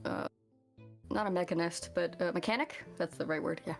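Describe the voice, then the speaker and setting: A woman's voice: on the low side, fairly quick, vocal fry, faint music behind. A woman guest on a livestream, chatting casually and tossing in dry, offhand quips.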